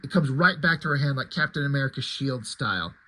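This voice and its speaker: A man's voice: medium pitch, lively intonation, fast talker, bright, forceful tone, low-quality recording. A man casually retelling a comic book story, enthusiastic and chatty.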